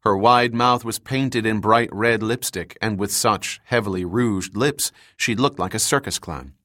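A man reading an audiobook in measured scripted narration. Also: lowish voice, pushed and bright, no room sound, clean studio sound.

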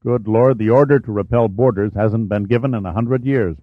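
An authoritative president gives short, brisk orders, voiced by a male narrator. The voice is low and firm. The recording is dry and a little muffled. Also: dry recording, lightly acted. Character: commanding older male president.

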